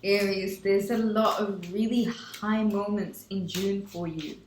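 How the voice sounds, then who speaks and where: A woman's voice: mid-range voice, fairly even intonation, takes it slowly, slight background noise. A woman giving an effusive tarot reading to camera, gushing and repeating her affirmations. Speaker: tarot reader. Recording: echoey room.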